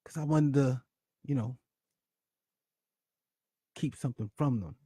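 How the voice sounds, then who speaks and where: A man's voice: medium pitch, unhurried, slightly rough, no echo, studio quality. Man telling a heartfelt personal story. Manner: emotional, dramatic shifts between loud and hushed. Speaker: podcast host.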